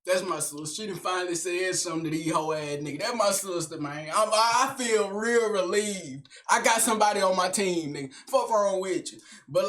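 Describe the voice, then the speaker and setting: Male storyteller: animated, heavily profane, slangy, talks straight to the audience. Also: high-pitched. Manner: animated, slangy and profanity-laced, with frequent check-ins to the listener.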